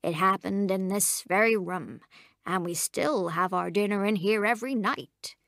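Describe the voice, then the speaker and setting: A woman reading as a pompous old gentleman. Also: medium pitch, unhurried, dry recording, studio quality. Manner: florid, courtly storytelling. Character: elderly genteel invalid uncle, pompous raconteur.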